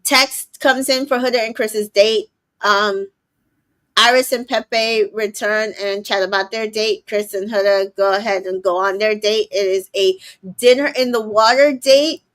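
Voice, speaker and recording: A woman's voice: medium pitch, steady tone, a little slow, fairly bright tone. A woman who is a mother of two boys, co-hosting a casual recap chat, summarizing events with many ums and exasperated asides. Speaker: co-host.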